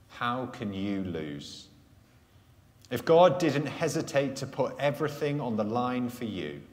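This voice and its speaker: A man preaching a live sermon at a Sunday church gathering, earnest, letting key phrases fall soft and low. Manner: earnest, slows and drops softly on key phrases. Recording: echoey church hall sound.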